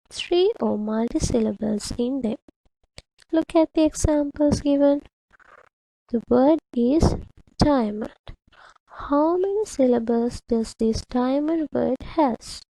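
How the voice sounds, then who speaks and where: A woman teacher speaks slowly and patiently to young pupils, sounding out words syllable by syllable. Her voice sits a little high, with a gravelly edge. The sound is dry and close, with a dark, mellow tone. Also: dry recording, low-quality recording. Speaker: primary English teacher. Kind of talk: slow, deliberate classroom instruction to children.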